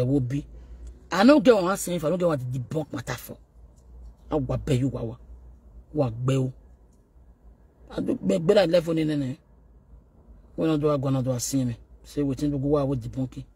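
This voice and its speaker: A Nigerian man with a rough voice, ranting and taunting as he addresses a rival directly, slipping between pidgin and Yoruba. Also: fairly high pitch, dark tone. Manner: scolding, taunting, code-switching into Yoruba. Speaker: online video host.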